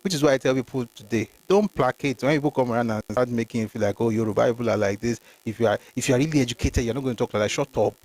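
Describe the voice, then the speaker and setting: A man hosts a history livestream, reading documents aloud and reacting emphatically while greeting viewers by name and mixing in Yoruba phrases. His mid-range, slightly mellow voice comes rapid-fire with few pauses.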